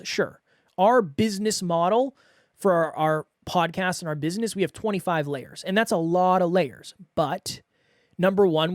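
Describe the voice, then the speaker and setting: A man with a fairly high voice hosts a solo podcast and coaches the listener in an earnest, direct way. The sound is very dry and close. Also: dry recording.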